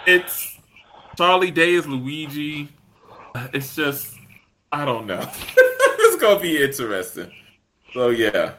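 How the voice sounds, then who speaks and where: A man hosting a casual show, talking in an animated way and laughing often. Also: fairly high pitch, slow, pauses often, slight background noise. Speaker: podcast host. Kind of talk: casual chat.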